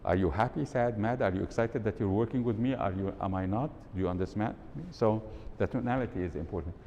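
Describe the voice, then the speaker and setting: A man's voice: fast, warm tone, highs cut off. A man giving a live workshop talk, quizzing the audience and demonstrating tones of voice in an event hall. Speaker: workshop speaker. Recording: long hall reverb, faint rumble.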